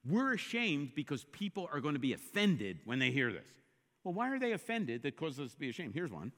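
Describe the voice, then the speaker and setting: A man delivers a sermon with a high, bright voice that swings widely in pitch. He builds to forceful, emphatic repetitions. The sound carries a long reverb, as in a large hall. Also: brisk. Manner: animated preaching, rising to emphatic repeated exclamations. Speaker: pastor.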